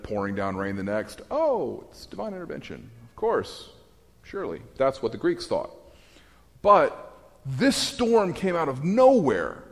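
A man preaching a sermon, telling the story in a wry, animated way with sarcastic asides. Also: on the low side, long reverb tail.

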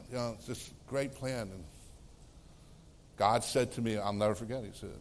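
A middle-aged man, a pastor, preaching a sermon in a conversational way, laughing between phrases and swinging from loud exclamations to hushed, soft tones. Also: on the low side, fairly even intonation, normal speed, pauses often, slight background noise.

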